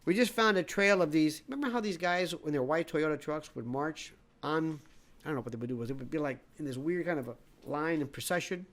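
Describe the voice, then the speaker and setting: A man's voice: a little high, brisk, a bit bright. A man delivering a sarcastic, theatrical political commentary rant, rattling off long lists of names.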